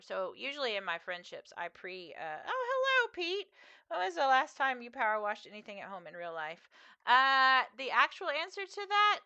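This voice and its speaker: A woman's voice: a little high, wildly swooping pitch, normal speed, pushed and bright, clean tone, dry recording. A young woman streamer chatting casually with her viewers while she plays, rambling with frequent fillers and laughs. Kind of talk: casual live-stream chat while gaming.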